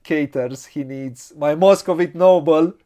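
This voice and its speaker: Host of a tabletop playthrough: a man with a Romanian accent who speaks at a very unhurried pace and mutters his moves aloud. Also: fairly high pitch, crowd noise. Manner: slow, hesitant, muttering to himself, laughs often. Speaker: board game channel host. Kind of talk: thinking aloud during a board game playthrough.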